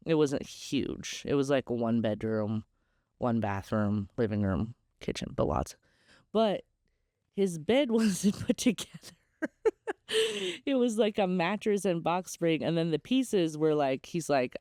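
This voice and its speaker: A woman's voice: low-pitched, mellow, dry recording, clean studio sound. Candid chatty woman podcast host. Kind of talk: casual storytelling.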